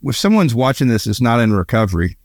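A man's voice: medium pitch, sing-song, fast, no room sound, clean studio sound. A man hosting a podcast interview, asking short, plain questions. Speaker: podcast host. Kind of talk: interview conversation.

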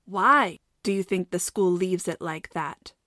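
A woman's voice: on the low side, a little slow, pushed and bright, no room sound. Woman voicing a curious schoolgirl, earnest, questioning, storybook reading, dry close sound. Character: curious, rule-minded schoolgirl.

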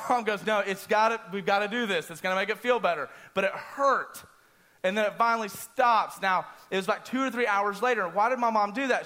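A man preaching a sermon, telling a personal story in an animated way and acting out his own screams. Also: high-pitched.

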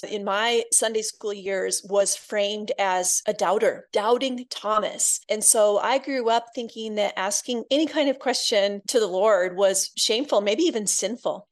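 Earnest woman guest sharing faith. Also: medium pitch. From Iowa. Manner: earnest, heartfelt, soft intimate asides. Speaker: guest author. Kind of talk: faith podcast interview storytelling.

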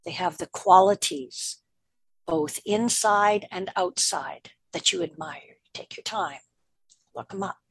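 A woman's voice: mid-range voice, slow pace, husky. An older woman from the Canadian prairies, a guest telling personal stories in a conversation and acting out the voices she quotes. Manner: animated, acts out quoted voices. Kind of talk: casual storytelling.

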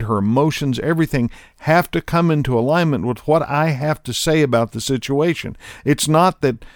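A middle-aged man shares a personal testimony on his podcast. He speaks earnestly, pausing with fillers as he tells the story. His voice sits at an ordinary pitch and sounds dry and close. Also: smooth, no room sound. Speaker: podcast host.

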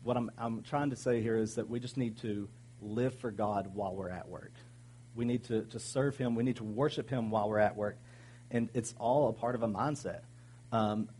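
A man's voice: on the low side, darkish tone, slight background noise, low-quality recording. A man preaching a sermon in an earnest, conversational way, with many ums and restarts.

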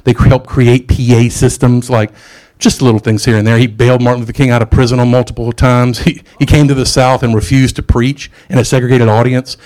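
A man's voice: mid-range voice, darkish tone. A middle-aged man preaching a sermon in a casual, conversational way, with asides and jokes.

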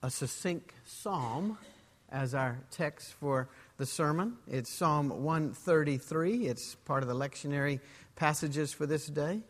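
A man preaching a sermon as pastor in a church, in a measured way. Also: fairly high pitch, big-room sound.

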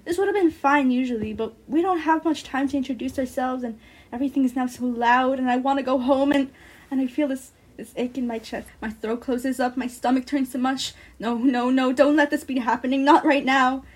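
Husky-voiced young woman reading a story. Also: high-pitched, fairly even intonation, brisk. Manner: earnest, breathless storytelling. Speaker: student reader. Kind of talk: first-person short fiction reading.

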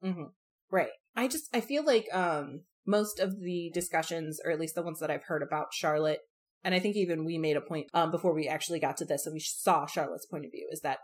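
A woman talks through a classic novel in easy conversation, her voice sitting a little low. She throws herself into the characters' lines as she quotes them and swears without a second thought. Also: brisk. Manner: animated, acts out characters' lines, swears casually. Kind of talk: casual book discussion.

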